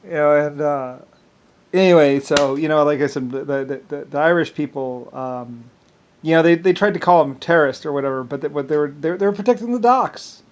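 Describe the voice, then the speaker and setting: Halting, rambling man with a raised voice. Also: a little high, slight background noise. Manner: halting, repeats words, many fillers, chuckles often. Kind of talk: rambling personal monologue.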